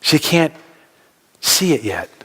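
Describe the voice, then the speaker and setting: Male pastor preaching, kinda higher voice, chatty with questions, long church reverb. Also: big pitch swings, takes it slowly, a bit bright, slightly rough. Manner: conversational, asks the congregation questions. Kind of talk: sermon. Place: church hall.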